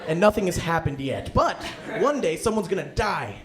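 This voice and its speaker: A young man, a student, doing a self-deprecating stand-up comedy set and jumping into excited inner voices, in front of a laughing audience. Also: high-pitched, normal speed, a crowd in the background. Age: young adult. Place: live comedy room with audience. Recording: echoey room with background noise.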